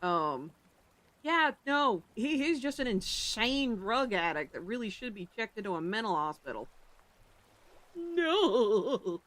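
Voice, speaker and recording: A livestreamer chatting casually with the stream chat, rambling and breaking into sudden loud exclamations. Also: mid-range voice, very animated, moderate pace.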